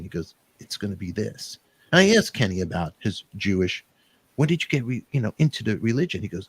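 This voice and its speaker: A middle-aged man hosting a talk show, rambling through animated, emotional storytelling and quoting friends. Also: medium pitch, fast talker, slightly rough, no room sound. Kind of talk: emotional casual chat.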